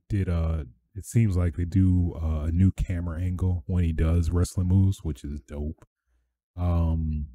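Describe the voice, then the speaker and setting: A man hosting a casual gaming podcast, rambling with many fillers and getting excitable with swearing. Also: sits low. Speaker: podcast host. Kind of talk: casual solo podcast talk.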